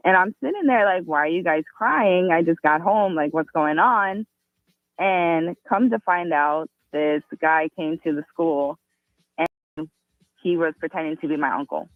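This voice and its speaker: A woman calling a radio show for the first time, telling a personal story earnestly and quickly. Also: low-pitched, no room sound. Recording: tinny phone line.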